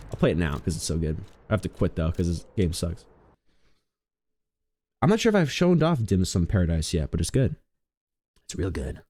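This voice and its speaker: A man streaming a video game, chatting casually with viewers, swinging between low mumbles and sudden loud, sweary outbursts. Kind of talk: casual live gaming commentary.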